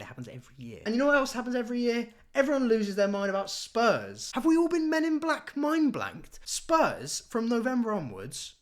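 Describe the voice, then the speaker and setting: A young man giving sarcastic, animated football opinions in a casual vlog. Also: a little high. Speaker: football YouTuber.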